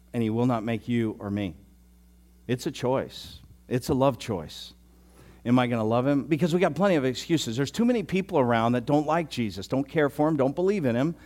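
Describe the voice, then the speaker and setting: A man's voice: mid-range voice, a little mellow. Conversational middle-aged male pastor preaching. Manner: conversational, self-deprecating, rising to emphatic preaching. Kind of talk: sermon.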